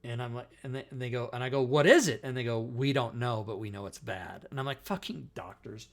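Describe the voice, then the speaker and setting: With a gravelly, mid-range voice and a fairly quick delivery, a middle-aged man hosting a talk show recounts a lengthy personal tale in casual chat. His telling is rambling and profane, and he constantly breaks off mid-thought.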